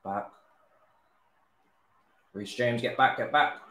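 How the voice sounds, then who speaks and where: A young man, commentating live on his own football video game, excitable and cursing at the players. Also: medium pitch, slow pace. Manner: excitable, shouts and swears at the players. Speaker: gaming streamer. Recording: echoey room.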